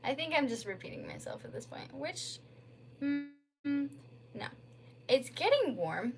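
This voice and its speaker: A woman's voice: high-pitched, big pitch swings, a little slow, music in the background. A young woman chatting casually on a livestream from home into a phone, rambling and filling her talk with "like". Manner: rambling, lots of "like" fillers. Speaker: streamer.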